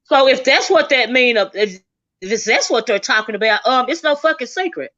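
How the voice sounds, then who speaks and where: A woman's voice: on the high side, animated, normal speed, fairly bright tone, dry recording. A woman talking bluntly and with a lot of profanity in a heated livestream conversation. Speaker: livestream guest. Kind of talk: heated casual livestream talk. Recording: dull lo-fi stream audio.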